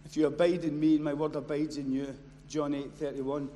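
A man preaching a sermon. His voice sits fairly high, and he swings from hushed, close storytelling to loud, impassioned cries. The sound rings with a long hall reverb over a faint background noise. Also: little pitch movement, a little fast. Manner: builds from quiet storytelling to loud impassioned shouting.

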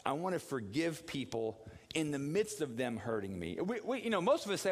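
A man preaching a sermon, telling the story vividly and acting out the quotes in an animated way. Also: normal speed. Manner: animated storytelling with acted quotes, dropping low for prayer. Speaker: pastor. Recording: long hall reverb.

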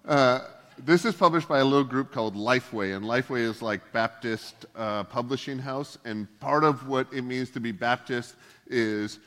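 A man's voice: medium pitch, moderate pace, a bit bright. A male pastor giving a casual sermon, full of joking, self-deprecating asides. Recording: long hall reverb.

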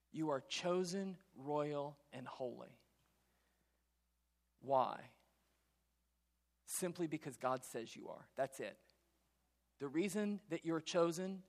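Preacher with a light voice, hall reverb. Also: male voice, fairly high pitch. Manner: conversational, acts out biblical characters in quick asides. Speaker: pastor. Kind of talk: sermon. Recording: long reverb of a large hall.

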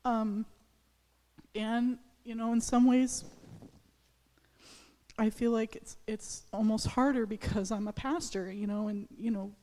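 A woman pastor in her thirties gives a halting, heartfelt testimony to her congregation. She talks slowly and restarts often, her voice soft and mellow. The church hall carries a long reverb behind her. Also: fairly high pitch, steady tone. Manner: hesitant, halting, many restarts and fillers. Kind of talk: personal testimony in a church service. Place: church sanctuary.

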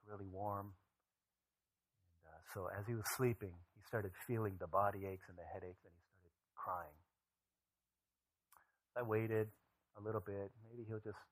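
A man in his thirties, a pastor preaching a sermon, telling stories and moving from animated asides to a soft, hushed voice. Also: fairly low pitch, low-quality recording. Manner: storytelling, animated then dropping to a soft hushed voice.

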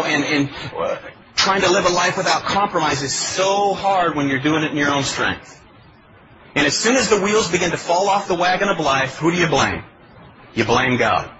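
A man's voice: a little high, highs cut off, background noise. A male pastor preaching a sermon in a pleading, emphatic way, asking his congregation questions. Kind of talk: expository sermon.

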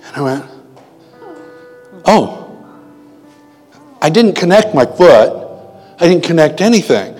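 A man preaching a sermon, telling a personal story in a conversational way and slowing down to stress quoted words. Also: a little high, lively intonation, a little mellow, faint music behind. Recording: long hall reverb.

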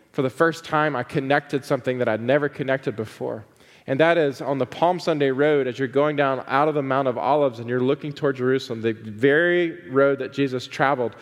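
A male pastor preaching a sermon, casual asides with "uh" fillers that build to fervent, drawn-out emphasis. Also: medium pitch, big-room sound. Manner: conversational asides with frequent "uh" fillers.

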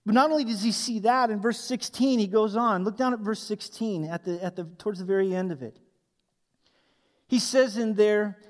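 A male pastor preaching a sermon with animated, emphatic delivery and asking the congregation to fill in blanks. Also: sits high, moderate pace. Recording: long hall reverb.

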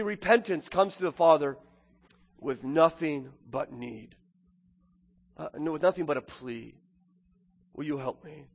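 A man delivers a sermon in a notably high voice. He moves from quiet, reflective passages to loud, emphatic preaching. The sound rings with the long reverb of a church sanctuary. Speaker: pastor.

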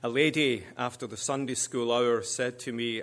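A man preaching as a guest minister, speaking in measured, deliberate short phrases. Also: mid-range voice, fairly even intonation, fairly bright tone. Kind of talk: sermon.

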